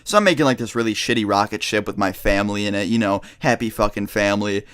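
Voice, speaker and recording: Young male vlogger, rapid animated storytime delivery with lots of cursing. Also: fairly low pitch, clear, resonant tone. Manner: fast, profane, animated storytelling. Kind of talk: storytime vlog.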